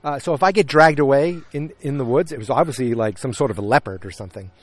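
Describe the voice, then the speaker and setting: A man's voice: mid-range voice, quick pace, dry recording. Man, casual recap, blunt and chatty, many restarts, outdoors by the woods, handheld recorder. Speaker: podcast host recapping a TV episode. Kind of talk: casual chat. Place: outdoors beside woods near his house.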